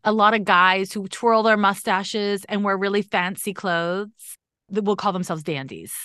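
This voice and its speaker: A woman's voice: medium pitch, measured pace, bright, forceful tone, clear, resonant tone, no room sound. A woman gives a casual astrology reading as the host of a podcast. She talks emphatically and swears now and then. The recording sounds dry and close.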